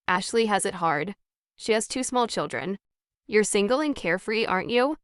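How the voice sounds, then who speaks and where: A woman voicing a cold, demanding middle-aged mother who lectures in a dismissive tone, in a smooth, dry narrated story. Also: medium pitch, expressive, moderate pace, dry recording, natural voice.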